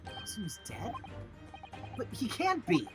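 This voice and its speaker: Frantic, bewildered young student, voiced by a male streamer, high-pitched, over game music. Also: wildly swooping pitch, measured pace, heavily acted. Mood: panicked. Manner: yelping, frantic.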